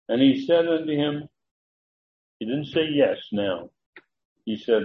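Slow, lively-pitched man teaching scripture. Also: dull audio, slight background noise. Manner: explains Greek words, acts out quoted dialogue; restarts and fillers while checking notes. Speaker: Bible teacher. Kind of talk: Bible study sermon.

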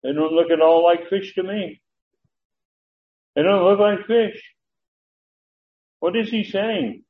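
A man's voice: sits high, steady tone, slow pace, phone-quality sound, slight background noise. A man teaching a Bible study, explaining Greek words and acting out the quoted dialogue, with some restarts and fillers as he checks his notes.

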